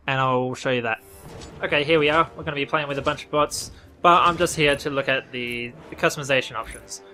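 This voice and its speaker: Pushed and bright at a medium pitch, this Australian man's voice carries his casual take on a game update. As a gaming video host, he's offhand, rambling, and quick to correct himself.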